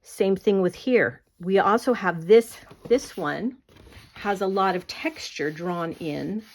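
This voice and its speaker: A woman with a medium-pitched, slightly mellow voice teaches an online art class at a slow pace. She keeps it casual and conversational, explaining with many fillers and often checking that the viewer is following.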